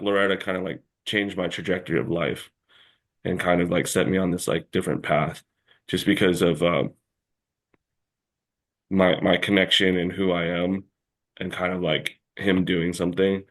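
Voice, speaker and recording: A man's voice: sits low, fairly bright tone. A man telling a long story as an interview guest in a casual chat, rambling and packed with filler words.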